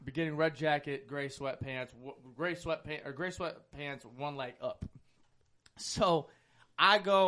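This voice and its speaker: A man telling a story in casual chat on a podcast, animated and profane, acting out the people in it. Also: on the high side. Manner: animated, profane, acts out other people's lines.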